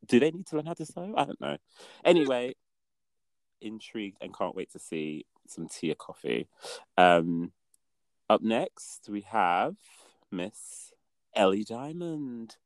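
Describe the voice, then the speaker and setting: A man with a very low voice chats on a podcast, animated and quick to laugh. The recording is dry and close, with no room sound. He talks casually with a co-host. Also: dry recording. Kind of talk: casual chat.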